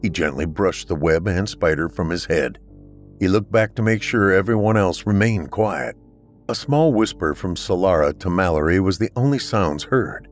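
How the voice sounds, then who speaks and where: Man, podcast storyteller, very low voice, measured scripted narration. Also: animated, faint music behind.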